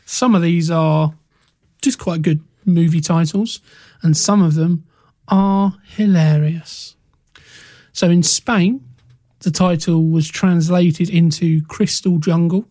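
A man co-hosting a casual film podcast, reading out trivia in a relaxed way with small restarts. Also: a little high, slow pace, no room sound. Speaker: podcast co-host.

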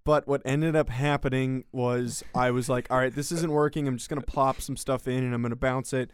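A young man co-hosting a casual sports podcast, telling stories briskly with sarcastic asides. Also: medium pitch, fairly even intonation, clear, resonant tone. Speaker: podcast co-host.

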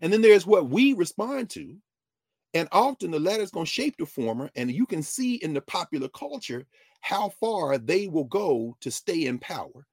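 A man with a slightly husky, somewhat high voice talks in a lively, wandering way. His pitch swings widely from line to line. The sound is close and dry. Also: no room sound. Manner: lively, digressive, quick shifts between high and low pitch. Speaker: guest. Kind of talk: animated conversational talk.

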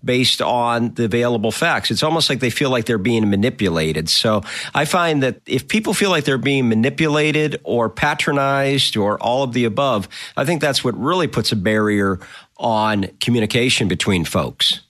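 A man's voice: mid-range voice, lively intonation, moderate pace, fairly bright tone. A man hosting a conversational interview, thinking aloud and rephrasing what his guest says. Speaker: interview host.

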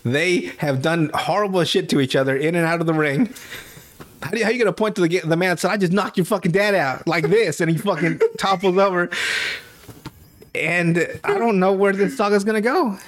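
A man hosting a podcast, telling a story in casual chat, animated and profane and laughing often. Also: high voice, a little fast. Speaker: podcast host.

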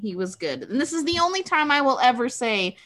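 A woman with a somewhat high voice talks through her favorite character in easy, rambling chat. She leans on fillers and drops casual swears. Laid-back and unhurried. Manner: relaxed, profane, filler-heavy. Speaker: podcast panelist. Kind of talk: casual movie discussion.

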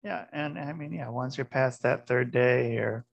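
A laid-back man hosting a podcast, with a gravelly, rough-edged voice. He talks in an easygoing way, circles back over his own words and keeps things casual. His voice sits dry and close to the mic. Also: medium pitch, measured pace, no echo, highs cut off. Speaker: podcast host.

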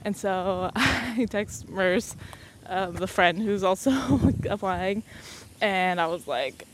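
This young adult podcast host tells stories in a relaxed chat, laughing a lot and acting out what other people said. The voice sits at medium pitch and moves slowly, with a bit of noise in the background.

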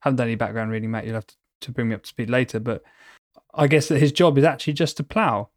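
A man's voice: mid-range voice, fast, no room sound, clean studio sound. Playful, rambling man in casual chat. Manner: playful, rambling, vivid storytelling. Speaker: podcast co-host.

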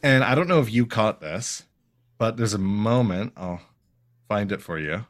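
A man's voice: on the low side, measured pace. A man co-hosting a podcast, casually recapping a cartoon episode with jokes and silly put-on voices. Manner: animated, jokey, acts out lines in silly voices. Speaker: podcast co-host.

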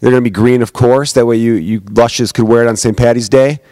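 A man's voice: medium pitch, steady tone, fairly quick, mellow, no echo. A man hosting his own podcast as a comedian. He talks in loose, joking, profane bar-talk banter, recorded on a podcast microphone at home. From United States. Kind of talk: casual solo podcast chat.

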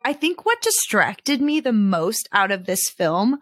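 A woman's voice: medium pitch, very animated, a little slow, a bit bright, no echo. A woman co-hosting a podcast, chatting casually about a movie with many "like" fillers and playful mockery. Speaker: podcast co-host. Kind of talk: casual chat reviewing a movie.

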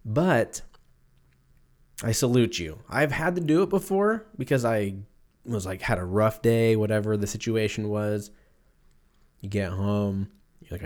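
Male podcast host, 30s, lowish voice, rambling and swearing through offhand jokes. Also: darkish tone. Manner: loose, profane, jokey storytelling. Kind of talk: casual solo podcast rambling.

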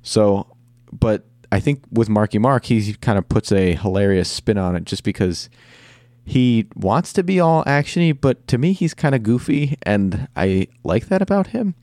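A man co-hosting a casual movie podcast, talking in a relaxed, joking way. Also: on the low side, moderate pace, no echo, clean studio sound. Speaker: podcast co-host.

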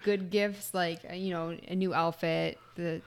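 A young woman co-hosting a casual gaming chat, animated and playful, quick to laugh. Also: lowish voice. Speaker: podcast co-host.

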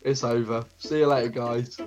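A man's voice: medium pitch, fairly even intonation, normal speed, highs cut off, over music. A young man co-hosting a podcast in casual chat, swearing freely and laughing often. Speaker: podcast co-host.

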